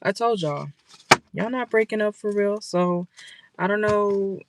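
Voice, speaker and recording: A stuffy-nosed woman talks straight to her viewers in a car, doing a casual tarot reading. She is blunt and scolding and swears freely. Her voice sits in an ordinary middle pitch, with clear background noise behind it. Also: lively intonation, takes it slowly, pauses often. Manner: blunt, scolding, profane, chatty. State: stuffy nose. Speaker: tarot reader. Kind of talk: casual direct-to-camera reading.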